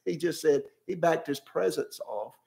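A man's voice: a little high, moderate pace, gravelly, darkish tone. A male pastor preaching a sermon in a conversational way, often repeating words and asking his listeners questions.

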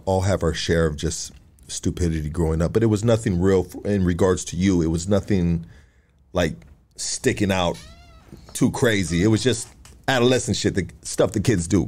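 A low-voiced man hosts a casual sit-down chat. He talks in a relaxed, loose way, trailing off and restarting as he goes. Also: normal speed. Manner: laid-back, says "bro" often, trails off and restarts. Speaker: podcast host.

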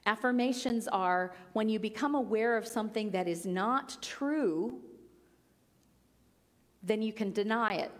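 A woman's voice: medium pitch, unhurried, in a large hall. A woman giving an earnest, conversational spiritual talk with playful asides. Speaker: spiritual teacher. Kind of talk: sermon-style talk.

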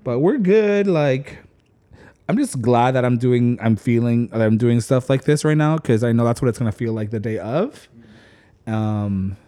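Animated man telling workout stories. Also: medium pitch, moderate pace. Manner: animated storyteller, acts out quotes loudly. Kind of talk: casual chat.

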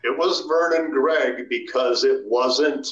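A man's voice: mid-range voice, slow. A man co-hosting a podcast who chats casually and fills in behind-the-scenes details. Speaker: podcast co-host. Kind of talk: casual chat. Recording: echoey, dull-sounding mic.

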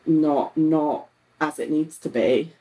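A woman co-hosting a podcast, talking casually in a thoughtful, halting way. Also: low-pitched, mellow. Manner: thoughtful and halting, with fillers and restarts. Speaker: podcast co-host. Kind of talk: casual chat.

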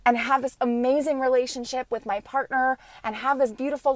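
A woman in her thirties hosts a motivational podcast, coaching listeners in an earnest, emphatic, encouraging way. Her slightly high voice is brisk with few pauses, recorded close and dry with no room sound.

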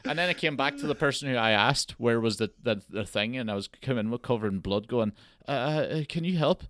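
A man in the middle of his range, chatting casually as a podcast host. He tells stories in an animated way and swears freely. The sound is dry and close, with no room around it. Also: medium pitch, fast, dry recording. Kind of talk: casual chat.

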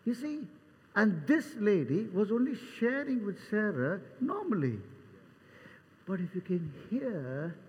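An older man preaching a sermon as pastor, dramatic, acting out Bible scenes with voices and swinging between loud and soft. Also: high-pitched, big pitch swings, slow, breathy edge. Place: church hall. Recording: long church reverb.

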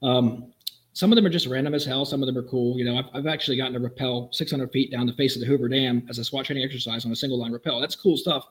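An enthusiastic man telling stories as a podcast guest, in a casual, chatty way. He talks very quickly and piles one detail on another. His pitch sits in an ordinary middle range. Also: low-quality recording. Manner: animated, enthusiastic, quick storyteller. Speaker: guest, custom vehicle builder. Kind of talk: casual storytelling in a podcast interview.

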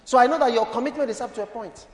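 A man preaching a lively sermon as a bishop, playful and calling on the congregation to answer. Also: extremely high pitch, very fast. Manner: animated, playful, calls on the congregation. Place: church hall. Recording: echoey church hall.

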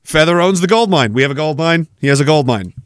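A man hosting a podcast, reading chat messages in a sarcastic, animated way, laughing often and swearing. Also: on the high side, quick pace, no echo, clean studio sound. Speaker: podcast host. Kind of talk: casual livestream commentary reading chat.

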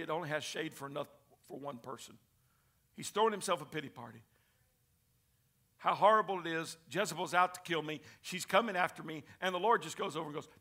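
A man preaching a sermon to a congregation in church, reading scripture and swinging from hushed whispers to shouted passages. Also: a little high.

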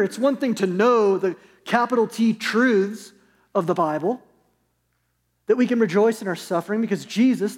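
Guy preaching a sermon, kinda high voice, earnest and chatty, lots of questions, big hall echo. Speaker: pastor. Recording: long reverb of a large hall.

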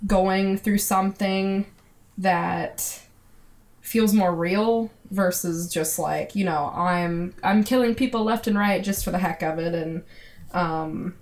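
A woman co-hosting a casual podcast, rambling through a story with plenty of fillers. Her voice sits at a middle pitch. She sounds relaxed and conversational. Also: slow pace. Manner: chatty storyteller, many fillers. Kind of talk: casual chat.

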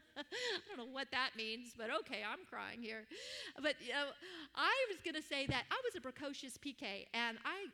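A woman's voice: sits high, animated, normal speed. A woman in her fifties preaching a sermon, telling a personal story from her childhood church and moving into prayer and teaching. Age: 50s. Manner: warm storytelling with laughs and prayer.

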